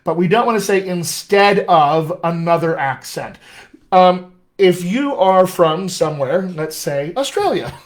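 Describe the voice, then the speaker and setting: A man's voice: high-pitched, expressive, measured pace. A man with an American accent, teaching as a dialect coach in a chatty, enthusiastic live-stream question session.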